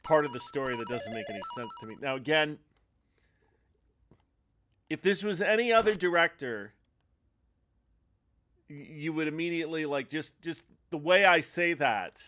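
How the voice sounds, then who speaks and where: A man's voice: on the high side, expressive, moderate pace, pauses often, pushed and bright, slight background noise. A man streaming a retro game live, chatting casually in a rambling way and laughing often. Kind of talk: casual chat over gameplay. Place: home streaming setup.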